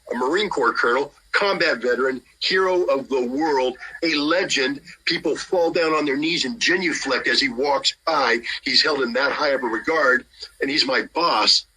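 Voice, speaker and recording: A middle-aged man telling a long anecdote in a lively way, acting out the lines of the people in it. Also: medium pitch, moderate pace, slightly rough, low-quality recording. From United States. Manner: lively, acts out dialogue with shifting voices. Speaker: guest telling a story. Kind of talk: animated anecdotal storytelling.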